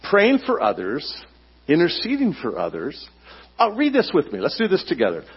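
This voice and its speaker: Lively husky-voiced male pastor preaching. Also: on the high side, normal speed, lo-fi sound. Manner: emphatic, teacherly, asks questions of the congregation. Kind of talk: sermon.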